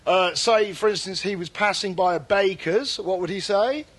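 High-voiced man doing comic banter. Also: moderate pace. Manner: deadpan, puts on silly French accents. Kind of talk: comedic banter.

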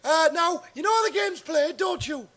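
A man doing a chirpy, high game show host. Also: lively intonation, normal speed, fairly bright tone. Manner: bouncy, chirpy presenter patter. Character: over-eager male game show host, middle-aged, fussy.

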